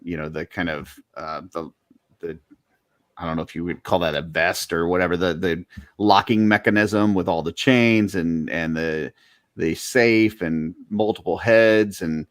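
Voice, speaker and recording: A man's voice: sits low, fairly even intonation, unhurried, no room sound, clean studio sound. A man co-hosting a casual podcast, rambling through long lists with lots of fillers. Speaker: podcast co-host. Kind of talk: casual chat about collectible toys.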